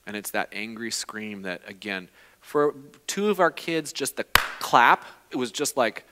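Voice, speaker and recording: A man pastor speaks in an easygoing, conversational manner and hands questions to his co-teacher. His voice sits at an ordinary middle pitch. It carries the long reverb of a church sanctuary. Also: lively intonation, measured pace, sharp tone, slight background noise.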